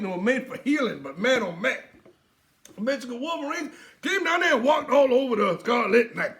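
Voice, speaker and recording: A man's voice: extremely high pitch, very animated, normal speed, fairly bright tone. A young man hosting a comedic sports recap, boisterous and theatrical, with playful bits and mock toasts. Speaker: sports show host.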